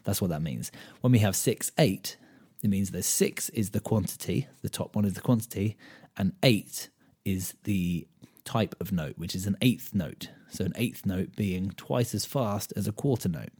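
Low, husky British man teaching casually. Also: normal speed. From United Kingdom. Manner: relaxed, thinks out loud with many ums and counts beats aloud. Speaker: podcast host and guitar teacher. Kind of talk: casual solo podcast lesson.

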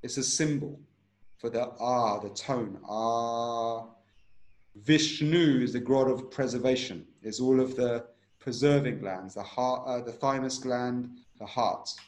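A man explaining a breathing method step by step, at a medium pitch. He repeats points and keeps asking "right?". The room around him is echoey. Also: fairly even intonation, slow pace. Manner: instructive, repeats himself, checks with "right?". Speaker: breathwork teacher, guest. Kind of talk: explaining a technique in an interview.

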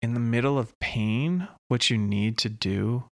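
Slow, gravelly-voiced male podcast host. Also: mid-range voice, no room sound, studio quality. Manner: slow, earnest, deliberate with long pauses. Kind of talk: reflective solo podcast monologue.

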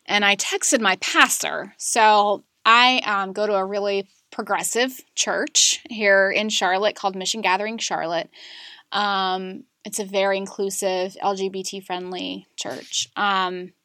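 A woman in her thirties, a podcast guest, telling a painful personal story candidly, with many fillers and pauses. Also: mid-range voice, fairly even intonation, bright, forceful tone, no echo, studio quality. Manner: candid, emotional, frequent fillers. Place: Charlotte area.

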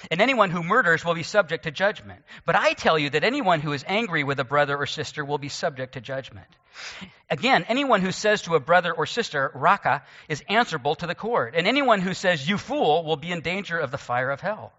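A male pastor with a bright, tense voice, pitched a little high, preaching to his congregation. He moves between explanation and light self-deprecating asides. The sound is dull and carries a long church reverb. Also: expressive, brisk. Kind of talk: sermon. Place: church sanctuary.

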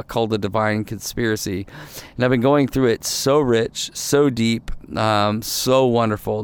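A male pastor hosting a devotional podcast, talking gently and reflectively, often repeating phrases, recorded outdoors at night. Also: medium pitch, clear, resonant tone. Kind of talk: casual devotional podcast talk.

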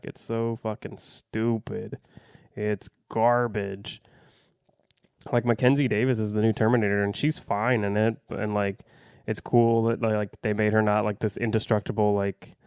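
Blunt, foul-mouthed man with a smooth low voice. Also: darkish tone, dry recording, studio quality. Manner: blunt, profane, rambling with fillers. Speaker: movie reviewer. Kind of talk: casual spoken review.

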